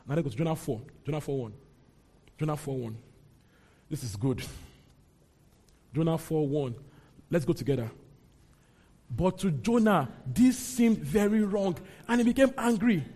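A man teaching from the Bible to a congregation, lively and often breaking into mock outrage as he retells a story. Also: a little high, moderate pace, pauses often, husky. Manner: animated, rising into mock outrage when voicing characters. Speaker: preacher.

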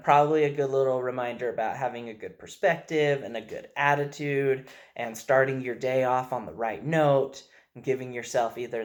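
A father speaking in a casual video message, telling gentle, earnest stories about his young son. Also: mid-range voice.

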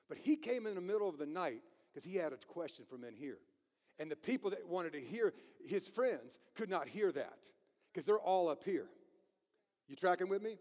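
A man's voice: high voice, expressive, a little fast, a little mellow, big-room sound. A man preaching a sermon, passionate and emphatic, laughing at himself now and then.

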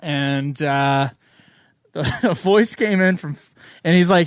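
A man's voice: fairly high pitch, slow, long pauses, no room sound, studio quality. A man co-hosting a casual podcast, ranting and swearing through a story with laughs. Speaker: podcast co-host.

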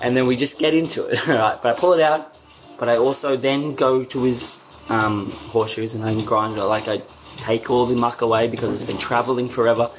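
A man's voice: mid-range voice, fairly even intonation, a little fast, poor audio. A man plays a character in a tabletop game, speaking in a casual, joking way. He cuts in often and laughs along. Faint music plays behind him. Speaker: player.

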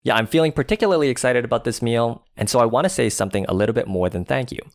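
A man's voice: mid-range voice, very fast, no echo, clean studio sound. A man teaching a language lesson, explaining phrases word by word and spelling out their tones. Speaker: language teacher playing a diner.

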